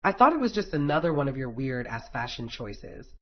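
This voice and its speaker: A man's voice: medium pitch, very animated, brisk, lightly acted. A man reading a fan story aloud, voicing a brash, swearing young woman ninja fighter in a blunt, teasing way. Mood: exasperated. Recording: dull lo-fi recording.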